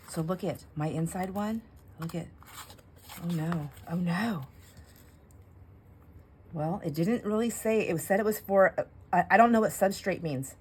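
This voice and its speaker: A woman's voice: low voice, unhurried, pauses often, a little hiss or hum. A middle-aged woman vlogging casually while she crafts, rambling and talking to herself with many fillers. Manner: rambling, self-talk with fillers and laughs.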